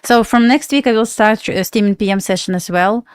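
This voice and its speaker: Brisk and smooth, a woman with a mid-range voice and Belarusian accent chats casually as a livestream trading host. She reads out viewers' questions, answers each, and laughs often, with clean studio sound and no echo.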